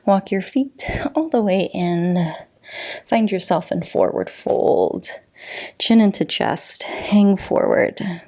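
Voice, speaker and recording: A woman with a mid-range voice leads a yoga class slowly, calmly counting down and cueing each pose with light laughs. She sounds slightly out of breath.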